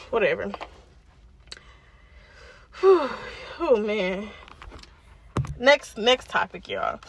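A woman of about twenty hosts a podcast by herself, delivering a casual solo rant that's angry, blunt and full of heavy swearing. Her voice sits on the high side, and there's no echo.

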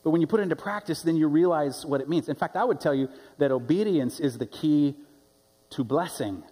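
A man's voice: fairly high pitch, a little fast, dark tone, husky. A man preaching a sermon as pastor, telling stories conversationally and then building to emphatic points. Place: church sanctuary. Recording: long church-hall reverb.

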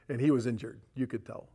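Middle-aged male pastor, gravelly, folksy conversational preaching style. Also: medium pitch, dark tone. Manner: folksy, chatty with frequent "right?" asides. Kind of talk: sermon storytelling.

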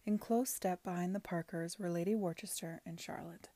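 A woman reads a novel aloud in a measured, expressive storytelling voice. Her tone is warm and mellow with a gravelly texture, and the recording is close and dry. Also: lowish voice, dry recording. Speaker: reader.

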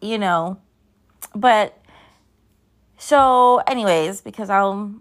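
She takes things slowly, her voice at a medium pitch, a woman in her thirties hosting a podcast alone. The chat is casual and sleepy, full of yawns, rambling and straying off topic.

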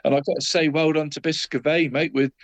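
A man's voice: on the high side, flat delivery, quick pace. A man co-hosting a local football podcast, chatting casually with many restarts and "mate" after nearly every phrase. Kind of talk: casual chat.

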